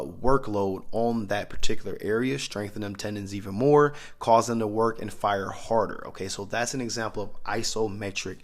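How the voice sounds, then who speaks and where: Man, strength coach, lowish voice, relaxed chatty delivery, instructional. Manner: conversational, loose, with restarts and asides. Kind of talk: casual instructional talk.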